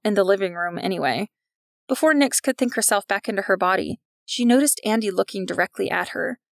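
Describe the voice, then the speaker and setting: A woman with a gravelly voice reads a story aloud in a wry narrating style. The recording is dry and close, with no room sound. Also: medium pitch, a bit bright, no echo. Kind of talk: scripted narration of a fiction podcast.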